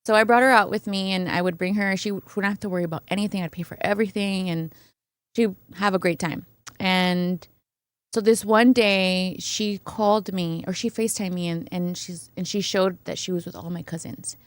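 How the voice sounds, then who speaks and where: Mid-range and at a normal speed, with no echo, this woman's voice carries a casual personal story told as a podcast guest. She brings it to life by imitating what others said, peppering her lines with "right?" in a conversational, animated way.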